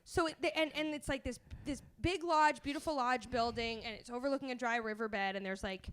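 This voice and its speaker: High-voiced, chatty woman. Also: brisk, clean tone. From Canada. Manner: chatty and animated, laughs often between phrases. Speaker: podcast guest. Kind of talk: comedic storytelling.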